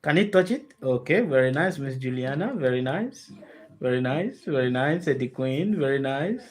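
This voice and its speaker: A woman with a deep, low voice gives a spiritual talk to a group on a video call. She speaks with emphasis, keeps asking her listeners rhetorical questions and repeats her key phrases to drive them home. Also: lively intonation, moderate pace, darkish tone. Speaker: spiritual teacher.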